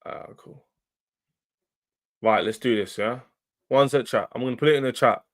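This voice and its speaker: A man's voice: medium pitch, moderate pace. A man hosting a football livestream, talking casually and animatedly to his chat in slang. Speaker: football channel livestream host.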